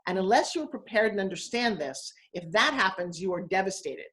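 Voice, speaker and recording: Woman around sixty, rapid and emphatic, blunt, video call guest. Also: medium pitch, animated, a bit bright. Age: 60s. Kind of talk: live video interview.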